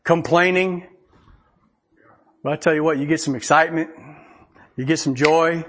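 A man's voice: on the high side, steady tone, moderate pace, a bit bright. A man preaching a conversational sermon, folksy and chuckling often as he reads scripture aloud. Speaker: pastor.

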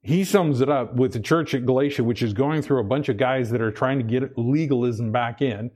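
A man preaching a sermon in a conversational way, often repeating himself and asking the congregation "Amen?", sometimes rising high with excitement. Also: fairly quick, slightly rough. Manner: animated, rises high and loud when excited. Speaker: pastor.

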